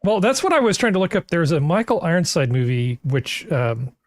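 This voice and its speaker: A man's voice: a little high, expressive, brisk, dry recording. A man on a podcast panel, chatting in a dry, sardonic way. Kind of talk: casual chat.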